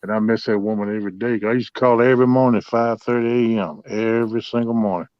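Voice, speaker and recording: A man's voice: lowish voice, steady tone, fast talker, clean tone, dry recording. A man, telling heartfelt stories in a folksy, drawling way during a casual chat. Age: 50s. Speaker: host. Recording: dull lo-fi sound, dry.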